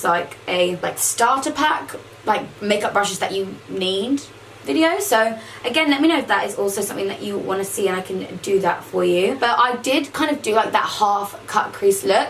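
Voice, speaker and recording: A woman's voice: mid-range voice, a bit bright, distant mic, a little hiss or hum, rough recording. A woman casually talking through a makeup tutorial, chatty and saying "like" a lot. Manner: chatty, says "like" often. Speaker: makeup vlogger.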